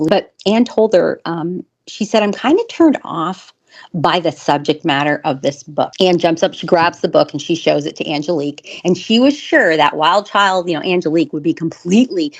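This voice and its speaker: Woman storyteller, lower voice, casual, full of fillers and restarts, dull lo-fi sound. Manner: chatty, many fillers and restarts.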